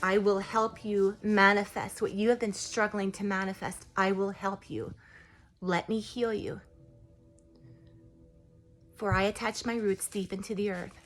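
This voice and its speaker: A woman voicing a humble, gentle ancient tree spirit, speaking softly, solemnly and slowly. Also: medium pitch, little pitch movement, soft background music, natural voice. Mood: solemn, tender. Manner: soft, solemn, slow and hushed.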